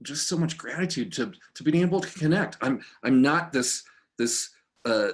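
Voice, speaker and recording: A man's voice: medium pitch, expressive, normal speed. A middle-aged man giving an informal dharma talk as a recovery meditation teacher, tired from poor sleep, meandering and heartfelt with frequent restarts, filmed on camera indoors in a friend's home. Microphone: camera in front of him.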